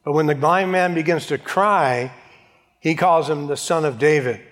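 A man's voice: a little high, moderate pace, a bit bright. Dramatic preaching man in a reverberant hall. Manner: dramatic, acts out Bible voices. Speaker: pastor. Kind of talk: sermon.

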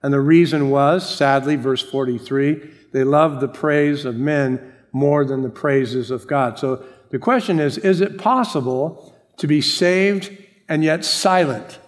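A middle-aged man preaching a sermon as pastor, animated, acting out the people he quotes. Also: on the high side, unhurried.

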